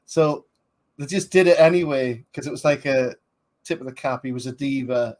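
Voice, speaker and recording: A man's voice: medium pitch, brisk, darkish tone. A man, rambling casually as a podcast host reviewing a film, with many fillers. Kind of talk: casual movie commentary.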